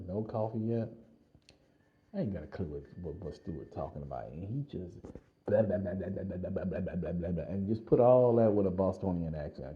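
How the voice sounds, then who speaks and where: A man vlogging, telling a lively personal story in casual slang with frequent laughs. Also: sits low, lo-fi sound.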